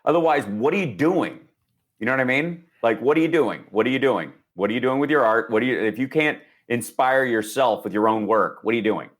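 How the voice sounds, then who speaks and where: A man's voice: mid-range voice, expressive, brisk. A man in his forties from Indiana, a podcast guest telling stories with energy and acting out quoted voices. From Indiana, USA. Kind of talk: animated storytelling.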